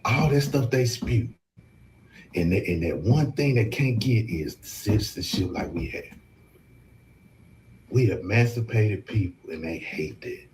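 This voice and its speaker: A man's voice: lowish voice, animated, a little slow, pauses often, darkish tone, a little hiss or hum, poor audio. A man in a panel talk, emphatic and repeating phrases for weight. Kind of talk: casual panel discussion.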